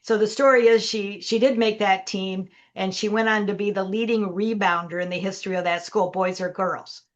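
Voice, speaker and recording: A middle-aged woman tells a story on a podcast, slipping into the voices of the people in it. Her pitch sits at an ordinary middle height. The audio is slightly dull and lo-fi. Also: moderate pace. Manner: animated storyteller acting out dialogue. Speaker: guest, leadership coach.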